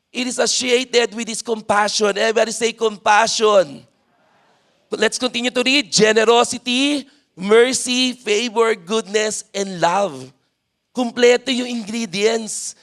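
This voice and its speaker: A man's voice: very high voice, fairly bright tone. A man with a Filipino accent preaching a sermon at a church service, leading the congregation and filling his talk with "amen.". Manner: mixes in Tagalog, leads congregation responses, frequent "amen".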